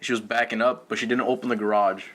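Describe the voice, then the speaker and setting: Bright-voiced young man, halting chat. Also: mid-range voice, fairly even intonation. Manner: halting, repeats words. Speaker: podcast co-host. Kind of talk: casual chat.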